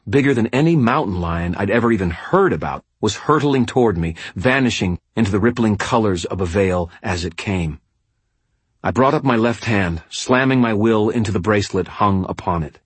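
A man reading a first-person novel aloud as an audiobook, with measured, dramatic storytelling. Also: on the low side, breathy edge, no room sound. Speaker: audiobook narrator.

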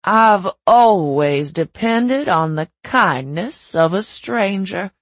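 A woman voicing a wry, dying grandmother from the American South with a low, drawling Southern accent. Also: animated, slow, dry recording. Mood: playful drawl. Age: older.

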